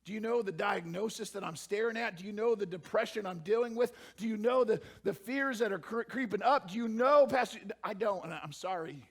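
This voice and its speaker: Raspy, animated preacher man. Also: sits high, brisk, hardly any pauses. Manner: animated, swings from hushed to shouting. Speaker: pastor. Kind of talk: sermon.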